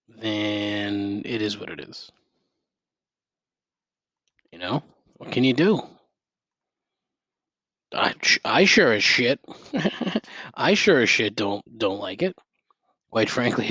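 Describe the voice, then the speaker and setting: A middle-aged podcast host, buzzing on caffeine, curses his way through a sarcastic solo rant into a gaming headset at home. The voice is fairly low, a bit bright and slightly rough. There's no echo.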